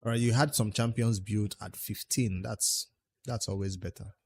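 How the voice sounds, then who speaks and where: A Nigerian man with a Nigerian accent and a fairly low, slightly breathy voice chats easily on a game livestream. At a moderate pace and steady tone, he answers questions from chat and thinks out loud about his grind.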